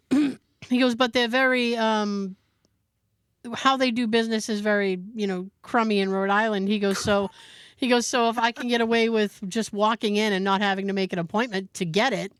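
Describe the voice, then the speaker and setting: A woman's voice: mid-range voice, normal speed, clean tone, no echo, studio quality. A woman co-hosting a podcast, telling a story in casual chat and acting out what other people said. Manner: animated anecdote teller who acts out quoted people. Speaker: podcast co-host.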